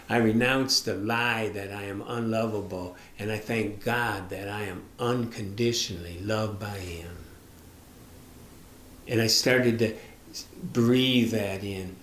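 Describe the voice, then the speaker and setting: A middle-aged man, a minister, giving an earnest, confessional teaching talk and speaking straight to the listener. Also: mid-range voice. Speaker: minister and author. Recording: roomy echo.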